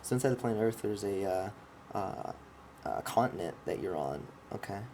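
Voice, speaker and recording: Gravelly, swearing man ranting. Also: lowish voice, lively intonation, moderate pace, warm tone, slight background noise. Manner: profane, impassioned, restarts often; explains while pointing at a drawing. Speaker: vlogger explaining his ideas. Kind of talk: rambling casual monologue.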